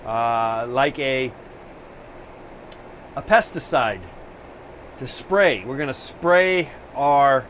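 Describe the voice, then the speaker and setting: A man's voice: mid-range voice, extremely slow, long pauses, a bit bright, slight background noise. A man hosting a live painting stream, chatting casually and ranting profanely about technology in exasperation.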